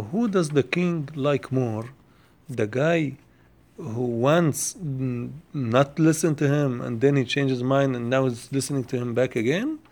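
Teaching a Torah lesson in a fairly high, slightly mellow voice, a man asks questions and answers them one step at a time. He often repeats phrases and rattles off Hebrew quotations at speed.

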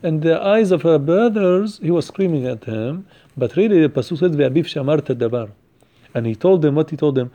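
A man teaching a Torah portion class. He chants Hebrew verses quickly, then explains them with rhetorical questions. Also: fairly high pitch, mellow.

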